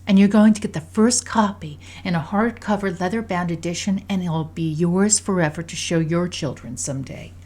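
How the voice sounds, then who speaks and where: A woman voicing a gentle, loving mother in a game story, speaking softly and reassuringly. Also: lowish voice, lively intonation, normal speed, slightly rough. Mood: tender.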